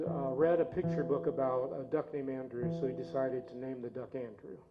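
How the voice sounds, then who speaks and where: Folksy man telling a story over guitar. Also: a little high. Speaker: lay service leader and storyteller. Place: church sanctuary. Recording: dull lo-fi recording with loud guitar. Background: guitar playing.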